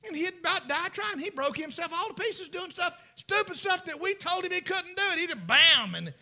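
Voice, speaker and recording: Preacher, high and very bright, folksy, shouts then hushes. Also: male voice, animated, moderate pace. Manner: folksy storytelling, swings from shouting to whispers. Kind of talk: sermon.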